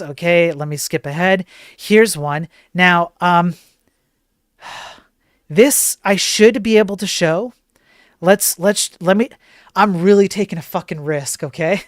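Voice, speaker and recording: A high-voiced man hosts a livestream, casually reacting to videos as they play, swearing often, repeating himself, and reading on-screen text out loud. The recording is clean studio sound with no echo.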